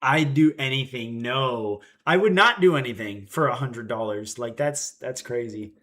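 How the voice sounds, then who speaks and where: Bright-voiced young man telling stories on stream. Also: mid-range voice, unhurried. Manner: animated storyteller acting out quotes. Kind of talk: casual livestream chat.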